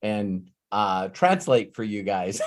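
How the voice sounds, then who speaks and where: A man's voice: fairly low pitch, sing-song, takes it slowly. A man hosting a live online coaching session, chatting casually and laughing often. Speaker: host, life coach.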